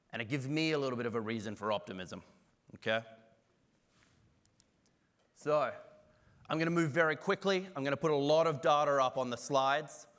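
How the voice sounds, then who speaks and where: Brisk joking Australian man. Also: mid-range voice, a bit bright. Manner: brisk, self-deprecating and joking. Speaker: keynote speaker. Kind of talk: conference keynote talk.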